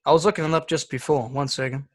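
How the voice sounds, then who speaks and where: A fairly high-pitched man chatting on a podcast, and he swears a lot as he tells a story. His delivery stays lively and casual throughout. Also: fast. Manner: swears freely, animated storytelling. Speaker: podcast co-host. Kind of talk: casual chat.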